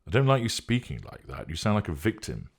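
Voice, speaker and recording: A man's voice: lowish voice, huge pitch swings, brisk, vocal fry, breathy edge, pitched above the performer's own voice, heavily acted. A man reading a story, voicing a worried, protective man asking earnest questions on the phone. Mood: concerned.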